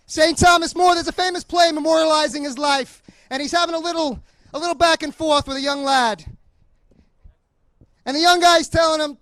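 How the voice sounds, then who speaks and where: A middle-aged man gives a fiery, angry speech as a police union official, shouting to a crowd at an outdoor rally. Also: very high-pitched, steady tone, moderate pace, no echo, rough recording. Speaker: police union vice president.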